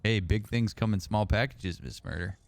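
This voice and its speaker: A man's voice: on the low side, normal speed, vocal fry. A man from Indiana, a therapist streaming a game, chatting casually and answering his chat as messages come in. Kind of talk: casual livestream chat while gaming.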